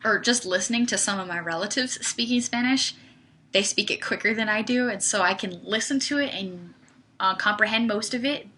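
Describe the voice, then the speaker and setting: Young woman, livestream host, bright tone, chatty, casual Q and A. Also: medium pitch. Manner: chatty, uses filler "like" often. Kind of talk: casual livestream chat answering viewer questions.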